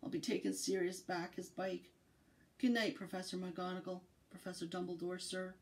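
A woman's voice: lowish voice, level tone, normal speed, lightly acted. Big shaggy teary giant guy, all sobs, read out by a lady. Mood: tearful. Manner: tearful, sobbing, pleading. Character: huge shaggy tearful male giant, soft-hearted.

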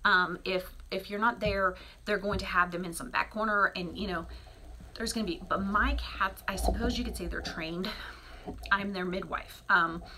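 A woman's voice: medium pitch, fairly even intonation, normal speed, noisy background. A middle-aged woman who breeds cats, talking casually in her small bathroom, chatty and rambling with lots of fillers. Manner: drops to a soft whisper near the kittens. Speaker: cat breeder. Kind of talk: casual vlog talk.

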